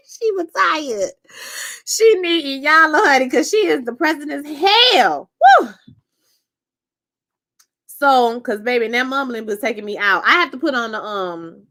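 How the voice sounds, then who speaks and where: Sassy, animated woman recapping a show. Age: young adult. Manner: sassy, animated, slangy, breaks into high exclaims. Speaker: show reviewer. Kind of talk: casual recap chat.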